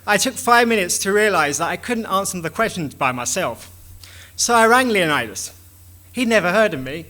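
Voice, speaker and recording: A man giving a lively conference talk, animated and acting out little dialogues as he goes. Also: high-pitched, normal speed. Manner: animated, acts out dialogues with shifting voices. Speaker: conference speaker.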